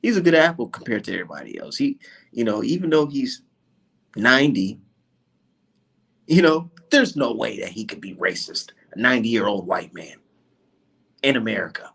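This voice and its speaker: A man delivers a heated, profane commentary rant, piling on sarcastic rhetorical questions. His voice is slightly husky, and his pitch swings dramatically as he works himself up. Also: big pitch swings, moderate pace, pauses often, a bit bright.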